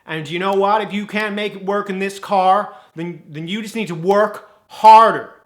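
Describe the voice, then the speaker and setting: A man's voice: high voice, lively intonation, slow pace, pushed and bright, voice pushed up, full character voice. A man playing a brash middle-aged North American team manager, putting on an American accent that slips in and out. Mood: stern. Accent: wobbly put-on American accent.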